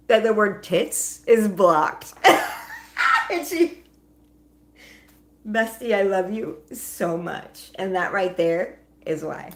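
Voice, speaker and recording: A young woman hosts a casual livestream and chats with her viewers. Her pitch swings up and down a lot. She laughs often and answers the chat as she talks. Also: animated, a little slow, a bit bright. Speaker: livestream host.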